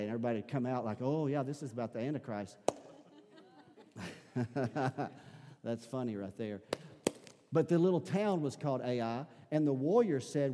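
A man preaches a sermon, telling the story with dramatic swings between loud, emphatic lines and quiet, low passages. His voice is mellow and darker in tone. It rings with the long reverb of a large sanctuary. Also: slight background noise. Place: church sanctuary.

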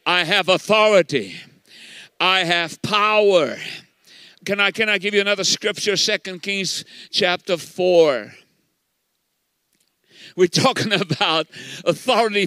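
A man's voice: high-pitched, measured pace, sharp tone, clear, resonant tone, no room sound. An older man preaching a sermon as pastor, emphatic and repeating words for stress.

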